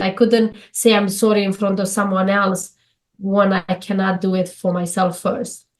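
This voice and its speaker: A woman from Romania, a guest in an interview, talking reflectively in English with earnest, halting sentences and frequent restarts. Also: medium pitch. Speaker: guest speaker.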